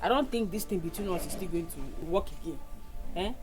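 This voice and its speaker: A woman's voice: fairly low pitch, lively intonation, fairly quick, darkish tone, faint music behind, natural voice. A Nigerian woman playing a haughty young fiancée who brushes off the men around her in a film drama. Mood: dismissive. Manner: dismissive, impatient.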